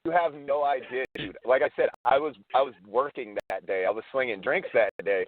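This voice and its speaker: A man's voice: medium pitch, brisk, no room sound. A man in casual podcast chat, laid-back, swearing and saying "dude" a lot. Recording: tinny phone-like line.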